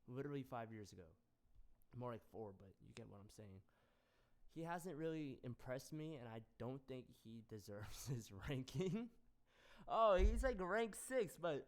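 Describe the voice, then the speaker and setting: A young man hosting a casual solo rant, rambling with lots of fillers, jumping between loud bursts and mumbled asides. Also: mid-range voice, smooth. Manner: rambling, filler-heavy, frequent "like" and "um". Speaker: MMA commentary channel host.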